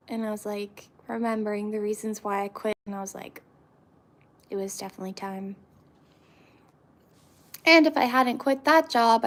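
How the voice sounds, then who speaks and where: A young woman from Florida chatting casually to her viewers, rambling with lots of fillers and restarts. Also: mid-range voice. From Central Florida, US. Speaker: vlogger. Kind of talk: casual chat to camera.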